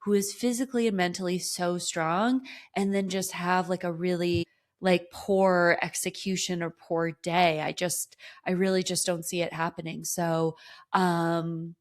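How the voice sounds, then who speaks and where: A woman's voice: fairly low pitch, flat delivery, unhurried. A woman in her thirties hosting a podcast as a running coach, talking in an upbeat, enthusiastic, motivational way. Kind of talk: solo podcast talk.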